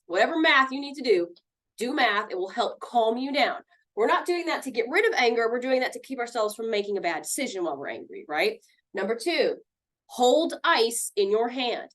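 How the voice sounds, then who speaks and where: A woman leads a mindfulness class in a lively, conversational way. Her pitch moves freely as she explains, and she often slips into little acted-out quotes of friends. Her voice sits at an ordinary middle pitch. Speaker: teacher.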